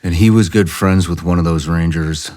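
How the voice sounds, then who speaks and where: A male podcast host speaking slowly and hesitantly in an interview, pausing often with "uh.". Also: low-pitched, dark tone. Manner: slow, hesitant, many "uh" pauses. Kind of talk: interview conversation. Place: podcast studio.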